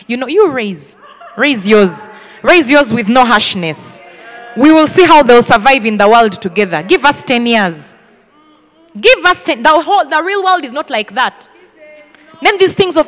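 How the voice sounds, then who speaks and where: A woman's voice: high voice, sing-song, moderate pace, fairly bright tone, in a large hall. A woman teaching in a preaching style, emphatic and direct, often acting out the voices of children. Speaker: ministry school teacher. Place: teaching hall.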